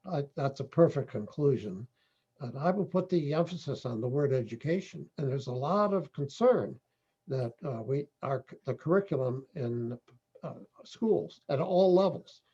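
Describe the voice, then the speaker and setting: A man moderating an online panel discussion, halting, with many fillers. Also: mid-range voice, expressive, dark tone, breathy edge. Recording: dull lo-fi audio.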